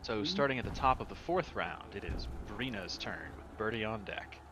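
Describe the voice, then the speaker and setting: A man's voice: on the low side, very animated, normal speed, noisy background. A man acting as dungeon master, calling out saves and damage in a matter-of-fact way. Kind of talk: running a tabletop game. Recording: music playing behind.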